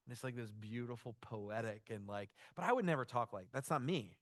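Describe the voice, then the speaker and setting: At a church workshop, a male presenter with a medium-pitched voice talks in a brisk, animated, casual way, barely pausing and often restarting sentences or saying "like." The recording is dry and studio quality.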